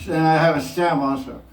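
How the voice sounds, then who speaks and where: Man, raised pitch, relaxed spiritual teacher, chuckling Q&A, distant mic in an echoey room. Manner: relaxed, chuckling, quotes people in put-on voices. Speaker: spiritual teacher answering questions. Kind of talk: question and answer talk.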